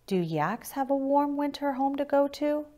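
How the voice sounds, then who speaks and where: A woman's voice: sits high, lively intonation, moderate pace, mellow, pitched above the performer's own voice. A woman doing Little Yak, a curious calf. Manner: eager, questioning. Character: small curious young male yak calf.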